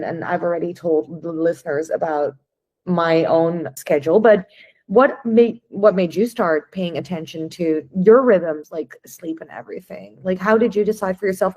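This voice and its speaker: A woman's voice: lowish voice, normal speed, a little mellow. A woman hosting a podcast interview. She asks curious, thoughtful questions in a casual way and sometimes restarts her sentences. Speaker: podcast host.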